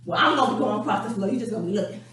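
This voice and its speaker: A woman leading a home dance stretching class, energetic and chatty, calling viewers honey, out of breath as she works out. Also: medium pitch, very fast. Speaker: dance instructor. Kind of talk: home workout instruction. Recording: very echoey room, mic far off, faint hum.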